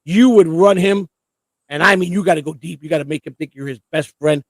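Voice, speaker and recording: A man hosts a loose livestream conversation, rattling on at high speed with plenty of swearing. His voice sits high and has a gravelly edge. The sound is close and dry. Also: brisk, no echo. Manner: rambling, profane, excitable. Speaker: host. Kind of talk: casual livestream chat.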